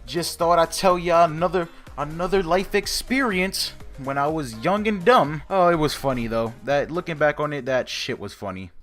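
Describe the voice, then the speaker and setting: A young man vlogger telling a casual storytime, animated, profane and mocking himself. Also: on the high side, moderate pace, hardly any pauses, soft background music.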